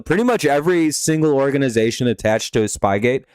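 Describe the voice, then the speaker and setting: Casting: man, stream host, mid-pitched, cursing and rambling, dry close mic. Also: expressive, moderate pace, darkish tone, clean tone, no room sound. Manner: profane, rambling, with many fillers and restarts. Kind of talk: casual live-stream commentary.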